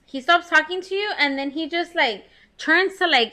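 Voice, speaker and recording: A woman with a high, bright voice swaps stories on a podcast. She tells them in an animated, casual way, swearing freely and laughing as she goes. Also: moderate pace. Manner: animated, heavy swearing, laughs while telling. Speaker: podcast co-host. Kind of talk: casual storytelling.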